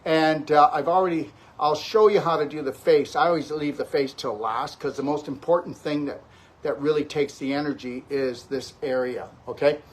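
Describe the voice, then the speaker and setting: A man's voice: on the high side, normal speed. A man teaching a self-treatment routine on camera, emphatic and instructive, often checking in with "okay?" while he claps his own neck and back. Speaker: health coach demonstrating self-treatment. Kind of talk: instructional demonstration.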